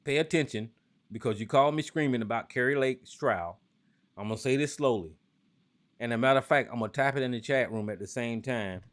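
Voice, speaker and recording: A man hosting a call-in talk show from the United States, ranting hotly with lots of cursing, then dropping into a slower, lower drawl. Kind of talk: profane political rant and call-in talk.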